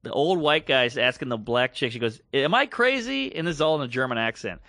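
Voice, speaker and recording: Speaking quickly in a mid-range voice, this man co-hosts a podcast and spins a story in casual conversation, animatedly performing the voices of its characters. There's no room sound.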